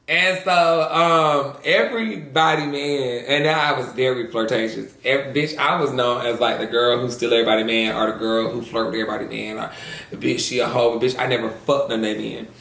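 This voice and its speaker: A man's voice: mid-range voice, moderate pace, creaky, a bit bright, reverberant. A man vlogging at home, telling crude stories in a sassy, casual way and calling the audience "girl". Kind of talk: casual storytelling mukbang chat.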